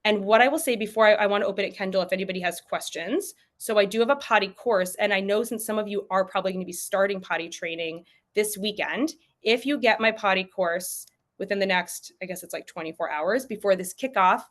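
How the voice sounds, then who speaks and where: A young adult woman, a pediatric expert, giving casual, chatty advice over a video call and often acting out parents and toddlers in quick voices. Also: mid-range voice. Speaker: pediatric sleep and potty training expert. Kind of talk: presenting tips at a virtual event.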